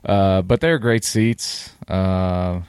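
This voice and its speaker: A man's voice: low-pitched, fairly even intonation, extremely slow, a little mellow, clean tone, dry recording, studio quality. A man co-hosting a casual podcast chat, blunt and swearing freely. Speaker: podcast co-host.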